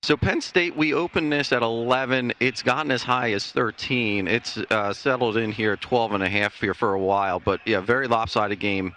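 A man guesting as a sportsbook director walks through lines and odds in a measured, informative way. His voice is mid-pitched with a bright, forceful edge. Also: fairly even intonation, a little hiss or hum. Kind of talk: sports betting talk.

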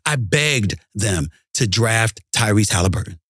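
A middle-aged man hosting a sports commentary show, ranting heatedly and swinging from low grumbling to high shouting. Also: lively intonation, normal speed, husky, dry recording, studio quality. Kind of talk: animated sports rant.

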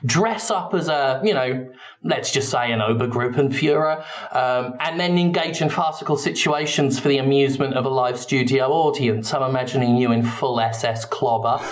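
A man's voice: medium pitch, normal speed. A man riffing in comedic banter as a podcast co-host, breaking into silly voices. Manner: animated, does silly voices mid-story.

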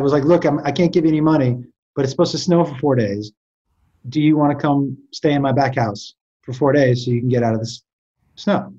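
A man's voice: mid-range voice, mellow, muffled recording. A man in casual conversation, telling stories animatedly with frequent restarts and stammers. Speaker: podcast guest. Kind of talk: storytelling in casual chat.

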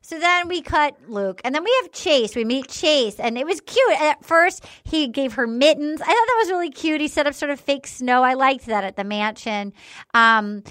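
High-pitched woman host, animated, wry storyteller, dry close sound. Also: no room sound. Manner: animated storyteller, quick asides and wry jokes. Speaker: podcast host recapping a dating show. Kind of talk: casual chat.

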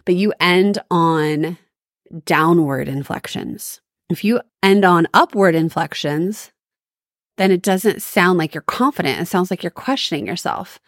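A woman with a slightly low voice talks straight into a close podcast mic, with no room sound around her. She coaches her listeners in an upbeat, emphatic way. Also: unhurried, no room sound. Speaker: podcast host. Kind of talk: solo podcast coaching talk.

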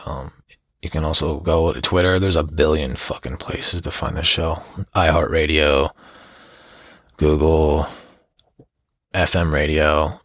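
A man's voice: a bass voice, steady tone, unhurried, pauses often, fairly bright tone, dry recording, clean studio sound. A man hosting a solo podcast, talking in a rambling, joking way and swearing constantly. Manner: profane, rambling, jokey. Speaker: podcast host.

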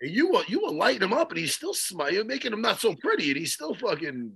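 A very high, bright male voice with a husky, gravelly edge and lively pitch swings. He chats excitedly and swears freely, eagerly cutting in on the conversation. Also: quick pace. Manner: excitable, profane, cuts in eagerly. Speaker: co-host. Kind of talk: casual podcast chat.

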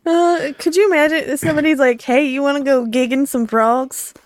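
A woman's voice: high voice, fairly even intonation, a little fast, dry recording. A woman co-hosting a comedy podcast, giggly and playful in casual chat. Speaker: podcast co-host.

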